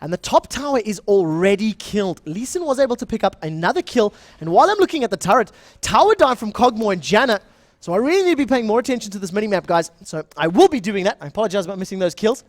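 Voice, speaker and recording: Excitable South African esports caster. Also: male voice, high-pitched, dry recording, studio quality. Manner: fast, excitable play-by-play that rises in big moments. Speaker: esports shoutcaster. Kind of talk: live game commentary.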